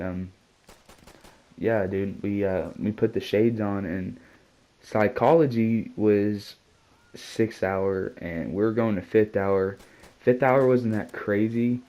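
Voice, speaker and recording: A man's voice: lowish voice, dark tone, low-quality recording. A man telling a casual storytime vlog, rambling and slangy, peppering his talk with "dude" and curse words. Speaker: vlogger.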